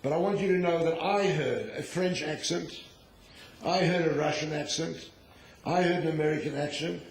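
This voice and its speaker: A man's voice: a little high, moderate pace, a little hiss or hum. A man moderating a conference panel, calling on speakers with a wry, lightly joking manner. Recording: echoey conference hall.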